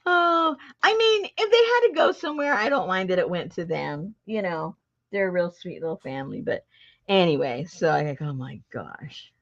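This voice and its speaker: A middle-aged woman hosting a casual chat recounts a story in a mid-range voice at a moderate pace. Her retelling is animated and talkative, punctuated by frequent laughter, and the audio is dull and lo-fi.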